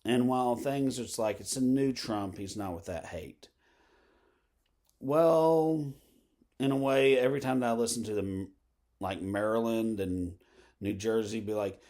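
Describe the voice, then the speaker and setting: A man with a somewhat low voice, rambling along in a loose monologue. He drifts from point to point, leaning on fillers and side remarks. It sounds like casual, unscripted talk to the camera. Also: measured pace, darkish tone. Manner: meandering, full of fillers and asides. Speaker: vlogger.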